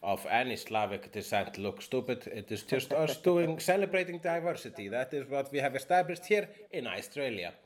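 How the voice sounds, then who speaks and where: A man's voice: mid-range voice, sing-song, moderate pace, few pauses. A man hosting a podcast, chatting casually in a rambling way, full of fillers and the odd curse. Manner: rambling, swears freely, many fillers. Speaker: podcast host. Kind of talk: casual conversation.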